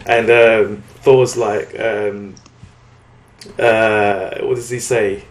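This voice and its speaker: A man's voice: on the low side, flat delivery, drawn-out words. Rambling man recapping comics, echoey room. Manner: rambling, acts out characters' lines. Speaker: podcast co-host. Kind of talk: casual comic book recap.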